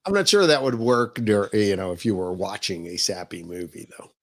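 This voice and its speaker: A man's voice: lowish voice, big pitch swings, fairly quick. A man co-hosting a radio show, chiming in with short dry replies during casual chat. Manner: brief dry interjections.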